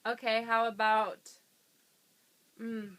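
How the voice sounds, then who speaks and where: A twentysomething actress chats casually in an interview, laughing often and filling pauses with ums. Her voice is fairly high and fairly bright, with a level tone.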